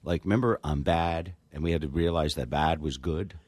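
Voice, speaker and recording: A man's voice: very deep voice, normal speed, a little mellow, no echo, clean studio sound. A man hosting a morning radio show, bantering and joking with his co-hosts.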